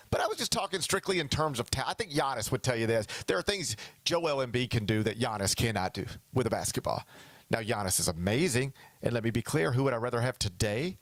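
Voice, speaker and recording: A male sports talk host with a mid-range voice chats casually and with energy. He keeps slipping into mock quotes of other people. The sound is dry and close, with no room echo. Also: mid-range voice.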